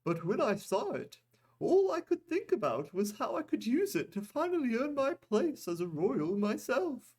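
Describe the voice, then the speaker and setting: A jittery male merchant in a fantasy storybook reading, his voice pushed far above his own, thin and strained. He stammers and squeaks as he schemes, and his pitch leaps all over. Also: very animated, moderate pace, a little mellow, exaggerated voice. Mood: scheming.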